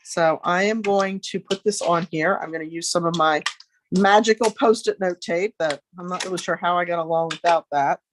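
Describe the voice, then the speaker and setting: A woman's voice: lowish voice, fairly even intonation, moderate pace, slight background noise. A middle-aged woman giving a casual craft tutorial from her home studio, chatting and thinking aloud as she works. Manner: chatty, friendly asides, thinks aloud while working. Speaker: crafting demonstrator.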